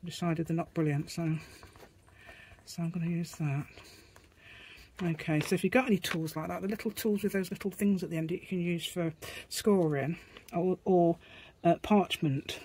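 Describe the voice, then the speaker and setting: A woman's voice: lowish voice, fairly even intonation, normal speed, warm tone, a little hiss or hum. A woman chatting casually as she demonstrates a craft, rambling as she works and making asides to her dog. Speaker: craft vlogger.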